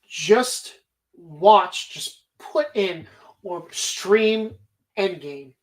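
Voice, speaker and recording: A woman's voice: medium pitch, expressive, extremely slow, rough recording. A woman hosting a casual movie bracket show, talking animatedly and rambling, swearing freely as she argues her picks. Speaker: podcast host.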